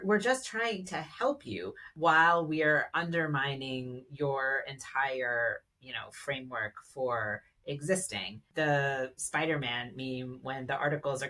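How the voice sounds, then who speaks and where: A podcast guest speaking in a thoughtful, measured way, with fillers like "um" and "you know". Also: medium pitch, bright, forceful tone. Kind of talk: casual podcast conversation.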